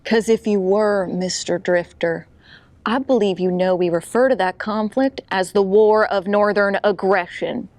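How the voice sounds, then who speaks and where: A woman's voice: mid-range voice, unhurried, darkish tone, dry recording, close to an everyday voice. Stern folksy storekeeper lady played by a woman, dry close sound. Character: stern small-town female store owner.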